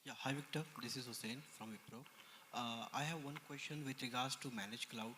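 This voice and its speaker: A man's voice: medium pitch, steady tone, fairly quick, sharp tone. A man in a conference audience asking a presenter persistent technical follow-up questions. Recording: reverberant conference hall, faint noise.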